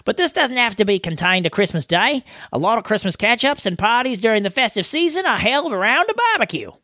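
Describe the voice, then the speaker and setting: A man's voice: sits high, big pitch swings, a little fast, sharp tone, dry recording, studio quality, full character voice. A man putting on a thick Australian accent. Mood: playful. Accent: put-on Australian. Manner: exaggerated mock accent, reading aloud. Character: Australian man reading his listener email. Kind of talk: reading a listener email aloud.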